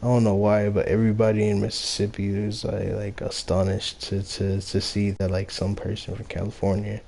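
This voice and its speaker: A man's voice: on the low side, monotone, normal speed, vocal fry, darkish tone, slight background noise. A young man from Los Angeles casually telling a story, rambling with many fillers and a lot of swearing. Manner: rambling, heavy on fillers and profanity.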